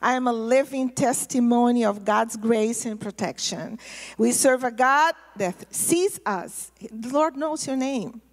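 A woman pastor telling a testimony in a sermon, storytelling in a lively way and repeating words for emphasis. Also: fairly high pitch, measured pace. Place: church sanctuary. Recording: long hall reverb in a church.

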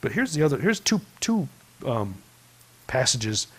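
A man's voice: medium pitch, very animated, a little slow, fairly bright tone, husky. A man preaching a sermon in a church, telling a story in a folksy, rambling way with many restarts. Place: church sanctuary.

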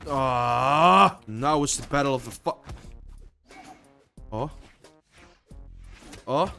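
A man giving live gameplay commentary. He swears constantly and swings between muttering and loud frustrated outbursts. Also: mid-range voice, slow pace, faint music behind. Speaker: gaming video creator.

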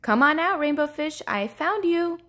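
A woman's voice: high-pitched, expressive, moderate pace, pitched above the performer's own voice. A woman voicing a very young, eager little male fish in a storybook.

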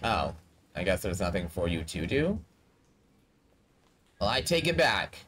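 A man's voice: deep voice, big pitch swings, measured pace, a bit bright, slight background noise. A man giving casual let's-play commentary, blunt and talking straight to the game characters. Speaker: gaming streamer.

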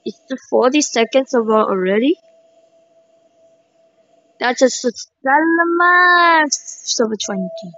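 Woman yelling thru a game, slow talker, dull dry lo-fi mic. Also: high-pitched, no echo. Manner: excitable, shrieking exclamations, repeats words. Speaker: gaming commentator. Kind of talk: excited gameplay commentary.

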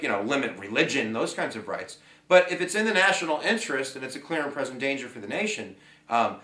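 Male history teacher, animated and playful, slightly high voice. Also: roomy sound, recorded from a distance. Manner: animated, jokey, shouts and acts out quotes. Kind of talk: energetic classroom-style lecture.

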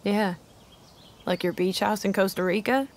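A woman's voice: mid-range voice, normal speed, natural voice. An actress voicing a teasing, sarcastic young woman drifter in a video game, with a faint outdoor hum and birds behind.

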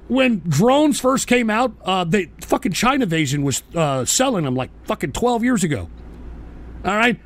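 A man hosting an internet radio show, delivering a profane, combative live rant. He keeps adding insistent tag questions and breaks into sudden shouted outbursts. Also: sits high, big pitch swings, moderate pace, creaky, dry recording. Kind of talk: live-streamed ranting monologue.

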